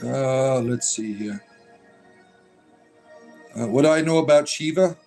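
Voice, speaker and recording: With faint music in the background, this pagan spirituality streamer speaks slowly in a mellow, mid-range voice. He responds to comments casually but combatively, rambling along with lots of fillers and asides.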